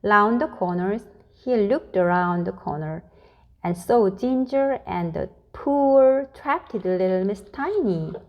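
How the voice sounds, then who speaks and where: Female storyteller for a children's read-aloud; unhurried, deliberate, expressive delivery. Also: medium pitch, lo-fi sound. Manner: slow, deliberate, expressive reading.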